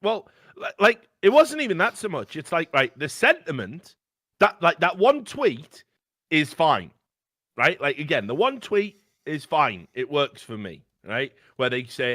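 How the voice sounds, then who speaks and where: A man's voice: fairly high pitch, very animated, a little slow, a bit bright, no room sound, clean studio sound. A man co-hosting a casual podcast, talking in a rambling, emphatic, profane way. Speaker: podcast co-host.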